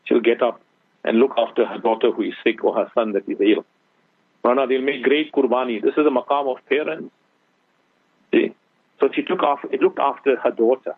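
A husky, dry man's voice comes down a tinny phone line, a scholar preaching earnestly to radio listeners. He slips Urdu phrases in among his advice. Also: mid-range voice, steady tone, fairly quick, no room sound. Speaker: guest Islamic scholar. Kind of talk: radio talk show advice.

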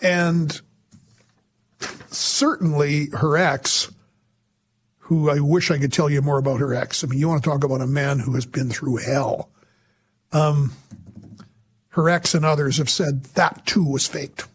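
Sarcastic, husky-voiced man hosting radio talk. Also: unhurried, pauses often. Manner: sarcastic, emphatic, lively delivery with sudden pitch jumps. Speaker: radio talk show host. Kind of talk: opinionated radio commentary.

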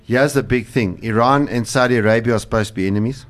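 A man's voice: medium pitch, quick pace. A man, a pastor co-hosting a casual religious talk show, earnest and rambling with fillers. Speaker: pastor and co-host.

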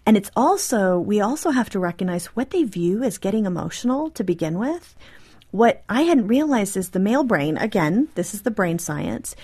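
A woman speaking as an interview guest, animated and explanatory, often acting out short quoted exchanges in her own talk. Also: mid-range voice, breathy edge. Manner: animated, acts out quoted dialogue. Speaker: guest author. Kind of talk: interview conversation.

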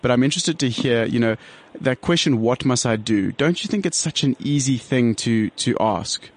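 A man's voice: medium pitch, expressive, moderate pace. A man hosting a radio talk show from South Africa, pressing his guest with repeated questions. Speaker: radio host.

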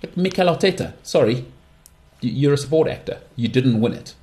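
A man with an English accent hosting his own podcast alone, giving strong opinions and often leaping into high-pitched mocking outbursts. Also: lively intonation, brisk, warm tone. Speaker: podcast host. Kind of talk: solo podcast monologue.

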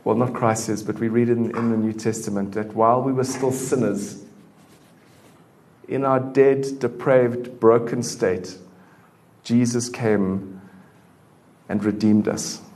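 A man preaching a sermon in a church in a relaxed, conversational way, full of fillers. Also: mid-range voice, slow pace, long pauses. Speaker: pastor.

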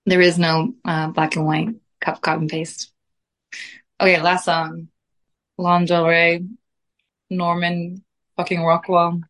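Low, flat-voiced woman musician rambling dreamily. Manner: dreamy, rambling, laughs easily. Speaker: guest musician. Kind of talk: casual interview chat.

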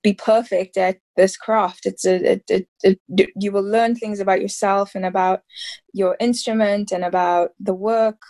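A woman's voice: mid-range voice, fairly even intonation, measured pace, warm tone. Chatty woman actress full of fillers. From South Africa. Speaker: actress guest. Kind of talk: casual interview chat.

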